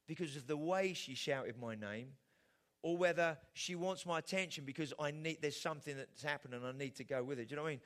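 A man's voice: a little high, fairly bright tone. A middle-aged man preaching a sermon in a conversational way, often putting rhetorical questions to his listeners. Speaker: pastor.

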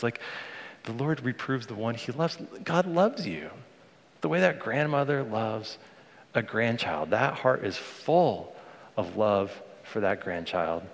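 A man's voice: mid-range voice, a bit bright. Earnest male pastor in an echoing church. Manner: conversational, earnest, speaks to the congregation directly. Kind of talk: sermon. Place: church sanctuary. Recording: long reverb of a large hall.

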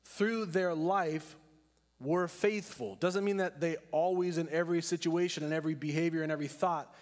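Pastor preaching in a reverberant hall. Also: male voice, a little high, fairly even intonation. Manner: earnest preaching, slows down to stress key words. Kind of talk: sermon.

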